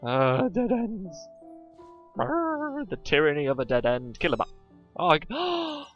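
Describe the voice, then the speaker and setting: A man's voice: a little high, very animated, moderate pace. A man co-hosting a let's play, bantering casually and laughing often at his own jokes. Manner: jokey, laughs often, plays with silly voices. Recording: dull lo-fi sound with faint music.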